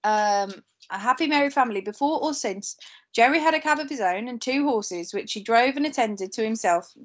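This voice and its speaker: A woman teacher gives her class a steady read-aloud of a novel, never rushing. She has a slightly high voice, fixes small slips on the fly, and occasionally steps aside from the text.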